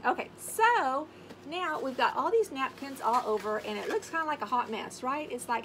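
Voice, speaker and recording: A woman hosting a casual craft tutorial, chatting warmly to viewers and humming little scat tunes as she works. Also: high voice, sing-song, normal speed, background noise. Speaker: craft video host. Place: home craft space on an acreage.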